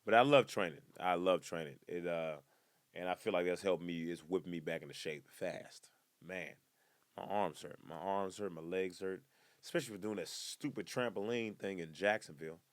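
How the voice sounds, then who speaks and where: A man hosting a comedy podcast, rambling casually from one topic to the next with joking asides and sudden loud excited outbursts. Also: low voice, normal speed, no echo.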